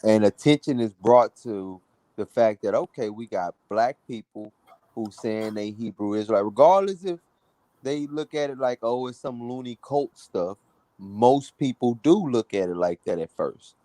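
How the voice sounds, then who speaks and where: Low-voiced man arguing a point. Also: animated, moderate pace, warm tone, no room sound. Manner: earnest, builds argument, asks "you know what I'm saying". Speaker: debate panelist. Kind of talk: casual debate chat.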